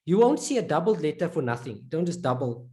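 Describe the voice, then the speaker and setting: A woman teaching an online lesson, patiently repeating points, checking in with learners and slowly drawing out example words. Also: sits low, very animated, warm tone. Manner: slowly drawn-out word demonstrations. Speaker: Arabic reading teacher.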